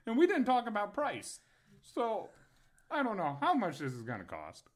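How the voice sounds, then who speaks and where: A man's voice: sits high, huge pitch swings, moderate pace. A young man and podcast co-host telling a crude story in casual chat, laughing often.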